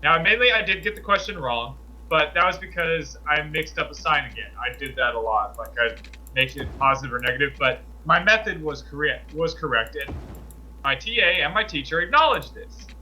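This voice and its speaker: A man hosting a casual chat, telling college stories in an animated, indignant way and acting out the people in them. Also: fairly high pitch, fairly quick, a little hiss or hum, rough recording. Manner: animated, indignant retelling with acted quotes.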